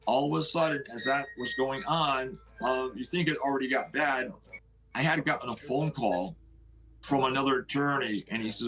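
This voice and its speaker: Man, mid-pitched, house owner, halting emotional storytelling, acts out the dialogue. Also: a bit bright, low-quality recording. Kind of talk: personal storytelling.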